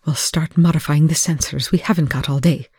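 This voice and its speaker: A reader voicing a sharp-tongued, provocative male scientist who talks in a clipped, sardonic way, often hushed. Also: medium pitch, steady tone, a little fast, husky, no echo, studio quality. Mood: curt.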